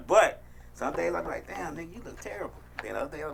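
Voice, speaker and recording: A woman's voice: on the low side, lively intonation, moderate pace, vocal fry, a bit bright, a little hiss or hum. A woman co-hosting a casual chat, joking in a laid-back way. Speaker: co-host.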